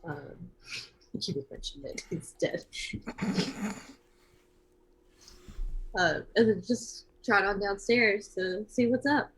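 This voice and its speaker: A woman's voice: medium pitch, takes it slowly, long pauses, slightly rough, rough recording. A woman playing a tabletop game, chatting casually about what her character does. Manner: relaxed, chatty, describing her character's actions. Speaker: player.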